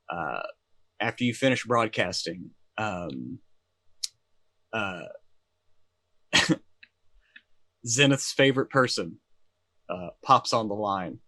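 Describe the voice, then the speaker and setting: A man's voice: fairly low pitch, sharp tone, no echo. A man narrating as game master in a tabletop game, hesitant and full of ums and uhs.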